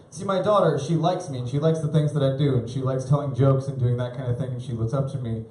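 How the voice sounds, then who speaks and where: A man's voice: medium pitch, fairly quick, warm tone. Rambling self-deprecating male comedian. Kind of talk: live stand-up comedy. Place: concert club stage. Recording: roomy live club recording.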